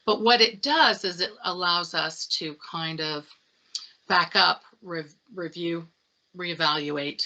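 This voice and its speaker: A middle-aged woman sales expert in a casual interview, telling stories with animated acted-out dialogue. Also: fairly low pitch, slow pace, poor audio. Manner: animated storytelling, acts out dialogue. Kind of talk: conversational interview.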